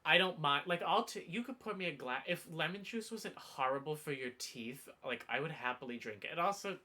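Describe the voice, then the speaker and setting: Lively, rambling livestreamer chatting with viewers. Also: mid-range voice, a little fast. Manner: rambling, playful, with mock outrage and self-interruptions. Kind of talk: casual stream chat with viewers.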